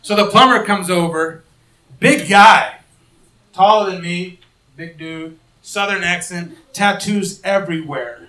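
Animated, bright-voiced pastor preaching. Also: male voice, high-pitched, a little slow, reverberant, far from the mic, poor audio. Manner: animated storytelling, acting out quoted voices. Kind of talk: sermon. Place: church.

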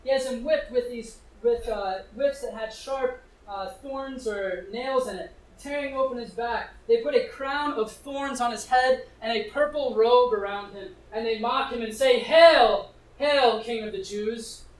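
A male preacher with a notably high voice reads scripture and explains it conversationally, asking his listeners direct questions. He speaks at a normal speed with few pauses. The mic sits at a distance, so the room adds a clear echo.

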